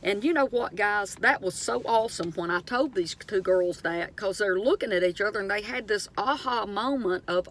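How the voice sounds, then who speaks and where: A woman's voice: mid-range voice, normal speed, hardly any pauses. Middle-aged Southern woman, earnest and preachy, rambling vlog storyteller. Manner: earnest, preachy, animated storytelling with many fillers. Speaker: vlogger. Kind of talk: casual inspirational monologue.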